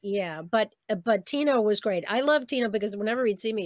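A woman voice actress chatting on a video call, telling lively stories about her work and slipping into the voices of people she quotes. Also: fairly high pitch, fairly quick, dry recording, clean studio sound. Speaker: voice actress guest. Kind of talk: casual interview on a video call.

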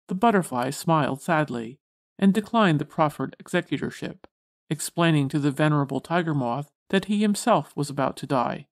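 A woman narrating an audiobook of a classic science storybook in a measured, formal reading style. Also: low voice, animated. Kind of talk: scripted narration.

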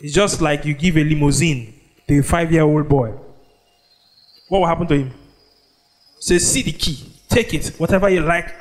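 A man preaching a sermon, leading the congregation in call-and-response and drawing out scripture phrases slowly. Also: on the high side, a little mellow. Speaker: pastor. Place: church.

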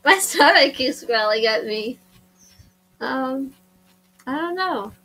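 A young woman playing a dating game with a friend, soft-spoken, unsure and giggly. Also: high voice, animated, takes it slowly, poor audio. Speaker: co-player. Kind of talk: casual game commentary.

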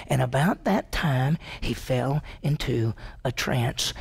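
Folksy gravelly preacher man. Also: high-pitched, moderate pace, few pauses. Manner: folksy, conversational preaching with repeated phrases. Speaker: pastor. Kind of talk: expository sermon with acted-out retellings.

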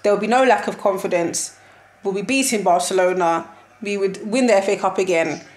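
A woman's voice: mid-range voice, brisk. A young woman giving a casual football match reaction, slangy and exasperated, laughing often as she talks.

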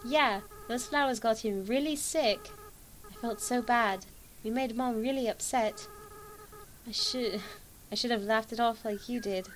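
A woman's voice: on the high side, unhurried, slight background noise, natural voice, rough recording. A woman voicing a small, anxious monster boy who stammers earnestly while reading game dialogue. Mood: wistful. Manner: hesitant, stammering.

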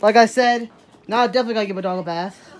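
A woman's voice: mid-range voice, racing. A young woman chatting casually in a home vlog and coaxing her dog along. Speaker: vlogger.

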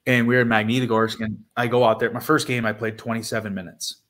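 A man's voice: mid-range voice, level tone, fast, fairly bright tone. A man in his thirties, a former pro hockey player, telling stories casually in an interview with lots of fillers and restarts. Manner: rambling with many fillers and restarts.

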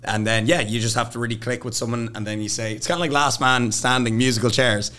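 A man's voice: medium pitch, fast talker. A young man, a podcast guest, telling stories casually and laughing often as he acts out what others said. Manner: laughs often, animated storytelling with put-on quotes. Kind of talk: casual storytelling.

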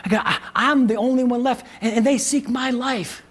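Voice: mid-range voice, fairly even intonation, moderate pace, fairly bright tone, close to an everyday voice. A preacher voicing the prophet Elijah as a weary, hunted man complaining that he is the last one left. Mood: self-pitying. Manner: complaining, self-pitying. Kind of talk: sermon retelling.

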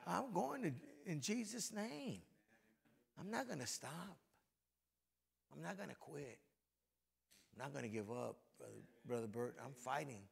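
A middle-aged man preaching to a men's breakfast with a voice worn hoarse from yelling, conversational and then fervent in prayer. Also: fairly high pitch, expressive, unhurried, long pauses. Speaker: pastor.

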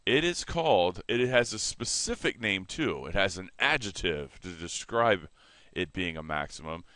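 A man teaching a math lesson in a relaxed way, correcting himself and explaining as he sketches on a board. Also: deep voice, moderate pace, dry recording.

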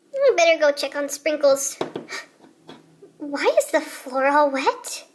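A woman voicing an easygoing, sleepy girl doll in a doll play video, talking in a relaxed, drowsy way. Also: sits high, slight background noise, pitched below the performer's own voice. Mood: concerned.

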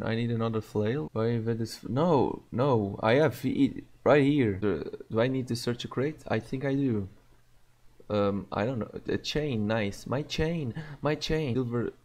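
Excitable young man commenting on gameplay. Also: on the low side, vocal fry. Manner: excitable, swears often, talks to himself. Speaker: gaming video creator.

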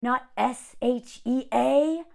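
A woman's voice: high voice, slow, creaky, a little mellow. A woman giving sarcastic reaction commentary on a story she reads aloud. She gets worked up as she talks. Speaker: video commentator.

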